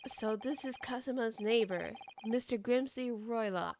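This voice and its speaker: A woman's voice: on the high side, measured pace, hardly any pauses, a little mellow, a little hiss or hum. A young woman streaming a game playthrough, reading the dialogue aloud and breaking off for sarcastic, swearing asides. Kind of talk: game playthrough with commentary, reading all roles.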